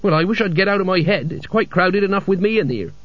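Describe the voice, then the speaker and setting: A man doing a jealous, bewildered young apprentice lad in a storybook, his voice lifted high and a little husky. He sounds indignant and thrown off balance. The dry, muffled audiobook recording keeps him close and lo-fi. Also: quick pace. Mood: indignant, baffled.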